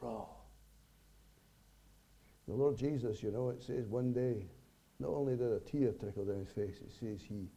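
Very dark-voiced man preaching a sermon. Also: mid-range voice, vocal fry, breathy edge. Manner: earnest, with dramatic pauses and sudden swells and drops in volume.

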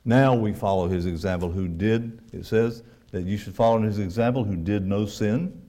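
A man's voice: on the low side, moderate pace, mellow. A man preaching a sermon, earnest, quoting scripture and asking his listeners rhetorical questions.

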